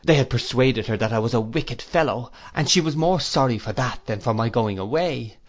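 A man reading an audiobook in a measured, reflective storytelling manner. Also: medium pitch. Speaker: audiobook reader. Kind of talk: audiobook narration.

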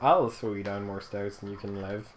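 A young man bantering over a video game, teasing his friend with deadpan insults. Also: lowish voice, normal speed, slight background noise. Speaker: co-host commentating a let's play. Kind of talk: casual banter.

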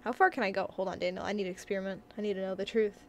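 A woman's voice: medium pitch, fairly even intonation, racing, a little mellow, slight background noise. A woman streaming a video game, chatting casually and reading out and answering her chat. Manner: chatty, reads chat aloud and reacts. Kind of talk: casual live-stream chat while gaming.

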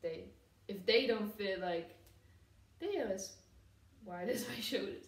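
This vlogger, a giggly young woman, speaks at a measured pace with medium pitch and big swings in tone. Gushing and full of fillers, she unboxes something casually, captured by a far-off mic in an echoey room.

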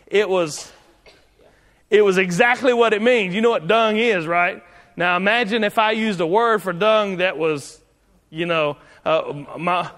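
A man preaches in a high, light voice. He talks in a homespun, conversational way, circling back and restarting his sentences. His voice rings with the long reverb of a church sanctuary. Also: a bit bright. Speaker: pastor. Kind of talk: sermon.

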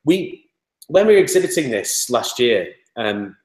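A man's voice: medium pitch, sing-song, measured pace, roomy sound. A man being interviewed, talking in a chatty, rambling way with many fillers. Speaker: interview guest, toy startup spokesman. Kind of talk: casual interview talk.

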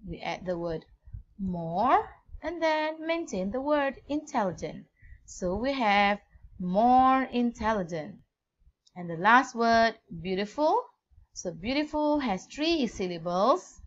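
A woman's voice: fairly high pitch, expressive, slow, muffled recording. A woman with a Malaysian English accent teaching a grammar lesson, spelling words out letter by letter.

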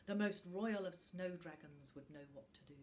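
A woman reading a children's storybook aloud slowly and expressively. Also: lowish voice, slight background noise. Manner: slow and expressive.

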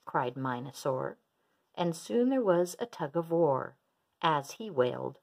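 A woman reading a children's rhyming picture book aloud in an expressive, sing-song way. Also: low-pitched, takes it slowly, creaky. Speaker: storyteller.

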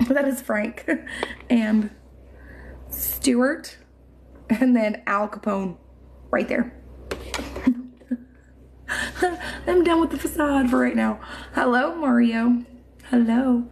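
A woman's voice: on the high side, slow, creaky, pauses often, a little mellow, slight background noise. A woman from Indiana hosting a live stream from her home on a phone, chatty and giggly, swearing freely and a little drunk. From Indiana, USA. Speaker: livestream host. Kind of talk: casual live-stream chat reading comments. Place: home room with mounted trophies.

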